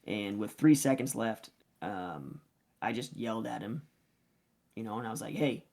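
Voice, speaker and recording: A man's voice: lowish voice, normal speed, vocal fry, a little mellow. A man who coaches youth wrestling, telling a story casually on a podcast, acting out the quoted lines with lots of fillers.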